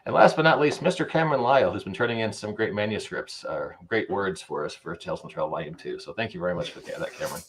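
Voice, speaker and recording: A man's voice: deep voice, fast, hardly any pauses. A man hosting a podcast, introducing guests in a jokey, casual way full of fillers. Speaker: podcast host.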